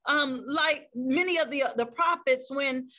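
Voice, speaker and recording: This woman pastor speaks at an unhurried pace, her voice high and sharp, though the recording sounds muffled. Preaching fervently over a video call, she sprinkles praise interjections through the sermon as she goes.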